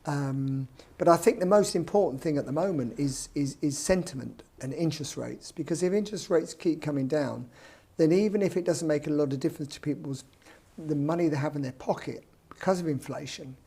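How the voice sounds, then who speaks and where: Blunt British male developer, slightly raised pitch, anecdotal and wry. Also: a little fast, creaky, warm tone, husky. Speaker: property developer guest. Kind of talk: casual podcast chat.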